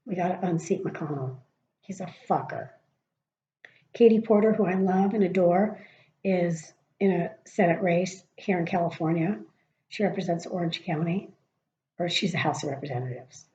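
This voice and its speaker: A woman's voice: fairly low pitch, normal speed, warm tone. Profane, chatty middle-aged woman ranting. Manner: profane and chatty, with muttered asides. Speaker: vlogger. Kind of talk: casual political rant. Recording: dull lo-fi sound.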